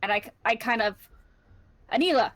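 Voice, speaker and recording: A woman's voice: mid-range voice, brisk, fairly bright tone, no room sound. Chatty woman tabletop player. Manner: chatty, describes her character's actions. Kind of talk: casual tabletop play.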